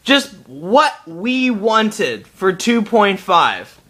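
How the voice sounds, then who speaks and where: A young man vents his frustration in a heated, profanity-laden rant. His voice sits high and swings widely in pitch, and he keeps circling back and restarting his sentences. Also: sing-song, very slow, bright, forceful tone. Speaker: gaming vlogger. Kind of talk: angry rant to camera.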